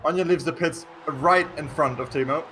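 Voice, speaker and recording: A man's voice: fairly high pitch, moderate pace, pushed and bright, a little hiss or hum. A man commentating a sim race, teasing his co-host with dry banter. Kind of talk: casual live race commentary.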